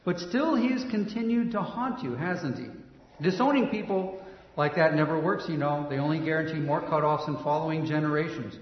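A man playing a calm, probing counselor. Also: a little high, close to an everyday voice. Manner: measured, probing, leading questions. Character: calm, probing male counselor, gently challenging. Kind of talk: stage play dialogue. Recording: roomy dull hall recording.

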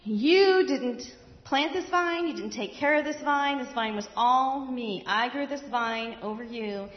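God as a patient, firm father figure who gently chides, as a woman voices him in a children's story. The voice sits a bit high and echoes around a large hall, and the recording has a dull sound. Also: measured pace. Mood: firmly chiding.

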